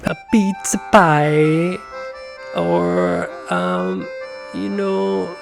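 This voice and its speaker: A man doing a loud, exaggerated stereotyped Italian accent as a man talking about food, in a comedy podcast. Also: high voice, completely flat delivery, very slow, gravelly, music in the background, pitched above the performer's own voice, exaggerated voice. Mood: boisterous.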